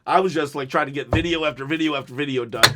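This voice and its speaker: A man reviewing a wrestling show in casual solo talk, excitable and rambling, with jokey asides, jittery from caffeine. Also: on the high side, racing, heavy background noise.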